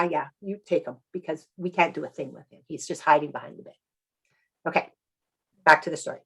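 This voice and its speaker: A woman who works as an animal communicator, sharing a personal story softly and reflectively in an interview. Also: medium pitch, poor audio.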